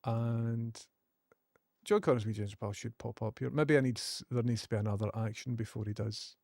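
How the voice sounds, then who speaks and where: A man's voice: medium pitch, fairly even intonation, a little fast, gravelly, a little mellow, no room sound. Scottish male streamer, casual and joking, dry close-miked sound. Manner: chatty, joking, laughs often. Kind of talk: casual live-stream chat.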